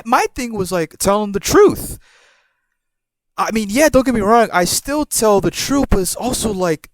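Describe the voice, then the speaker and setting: A young man in his twenties spinning a casual storytime podcast tale, tripping over repeated words and chuckling at himself. His voice is smooth and clear, recorded close and dry with no room sound. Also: a little high, no room sound. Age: 20s. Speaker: podcast host.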